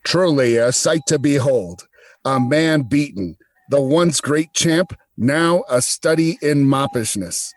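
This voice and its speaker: An old-timey radio announcer, played by a man, speaking slowly and grandly. The sound is tinny and boxy, like a megaphone or old radio, because he is talking into a metal cup. Every word gets heavy dramatic emphasis. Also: on the high side, lively intonation, dry recording. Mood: mock-dramatic. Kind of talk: podcast banter.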